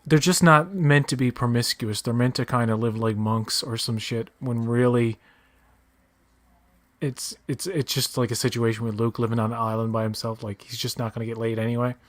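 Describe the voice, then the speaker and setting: A man's voice: mid-range voice, fairly even intonation, normal speed, no room sound. A man with a New Zealand accent co-hosting a podcast, chatting casually with crude jokes. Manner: casual, profane, joking. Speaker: podcast co-host. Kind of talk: casual chat.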